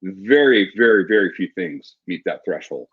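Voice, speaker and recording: Husky low-voiced man, lo-fi sound. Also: normal speed. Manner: relaxed storyteller with many restarts. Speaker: martial arts instructor and author. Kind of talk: casual interview talk. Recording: dull lo-fi audio.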